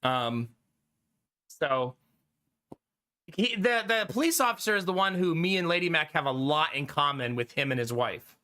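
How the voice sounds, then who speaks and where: A man's voice: on the high side, expressive, moderate pace, long pauses, sharp tone. A man streaming live and chatting casually with his viewers, rambling through a story, laughing often and swearing casually.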